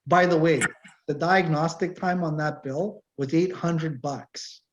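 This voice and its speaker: A fairly high-voiced middle-aged man, an automotive instructor, chatting over a video call with muffled, lo-fi sound. He talks animatedly and tells shop stories, acting out the customers. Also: steady tone, measured pace, noisy background. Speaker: automotive course instructor and mechanic. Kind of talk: casual online info session.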